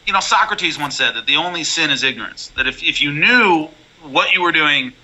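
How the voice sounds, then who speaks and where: Fast-talking bright-voiced man. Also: fairly high pitch, rough recording. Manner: blunt, animated storytelling with frequent restarts. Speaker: MMA color commentator, guest. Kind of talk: casual interview chat.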